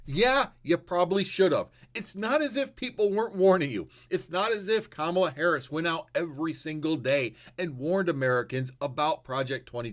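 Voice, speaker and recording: A man giving sarcastic political commentary in a lecturing tone. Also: a little high.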